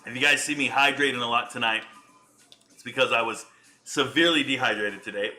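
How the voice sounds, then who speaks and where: A man's voice: mid-range voice, fairly quick, bright, forceful tone, soft background music. A man hosting a casual livestream chat, joking and boasting in slangy talk. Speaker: livestream host.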